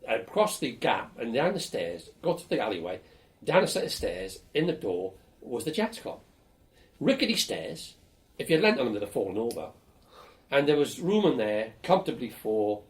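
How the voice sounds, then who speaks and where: An older man being interviewed for an oral history, telling lively, blunt stories about his student days. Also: mid-range voice, moderate pace. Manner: lively storyteller, animated and blunt, swears casually.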